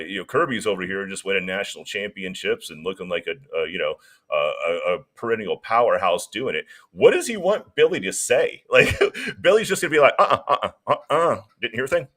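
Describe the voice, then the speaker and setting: A man with a lowish voice chats loosely about sports, piling up exaggerated jokes as he goes. His delivery is rambling and playful. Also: fairly bright tone. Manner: jokey, rambling, exaggerates for laughs. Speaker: sports podcast co-host. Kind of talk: casual sports chat.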